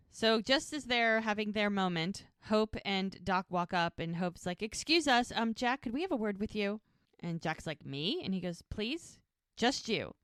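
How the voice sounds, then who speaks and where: A woman's voice: lowish voice, smooth, dry recording, clean studio sound. A woman co-hosting a podcast, casually retelling a show's scenes and acting out the quoted lines. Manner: lively storyteller who voices quoted lines. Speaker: podcast co-host recapping episodes.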